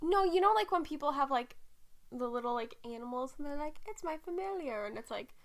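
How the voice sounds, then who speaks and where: A woman's voice: sits high, lively intonation, brisk. A young woman co-hosting a podcast, chatting casually and telling playful, jokey stories with frequent laughter. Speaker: podcast co-host. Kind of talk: casual chat.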